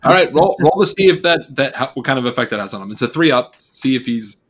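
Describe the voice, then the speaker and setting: An American man narrating as game master, animated and laughing often. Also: mid-range voice, fast talker.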